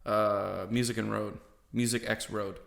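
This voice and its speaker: Relaxed slangy male podcast host, echoey room. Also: on the low side, measured pace, gravelly. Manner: relaxed, slangy, explains music. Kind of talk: casual podcast chat.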